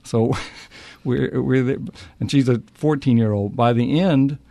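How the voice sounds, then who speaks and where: A man's voice: mid-range voice, unhurried, creaky, warm tone, no echo. A man, an author answering interview questions with many restarts and fillers. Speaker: author and historian.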